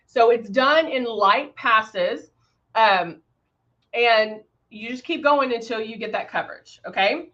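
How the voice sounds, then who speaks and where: A woman's voice: fairly high pitch, animated, takes it slowly, a bit bright, lo-fi sound. A woman casually demonstrating airbrush makeup on a livestream, greeting viewers by name while she works. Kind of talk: casual live makeup demo chatting with viewers.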